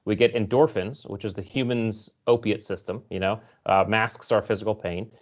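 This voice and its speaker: Man, low register, explanatory storyteller, guest on a podcast, slightly dull lo-fi sound. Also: moderate pace. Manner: storytelling, explanatory, animated when recounting. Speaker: guest author. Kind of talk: conversational interview.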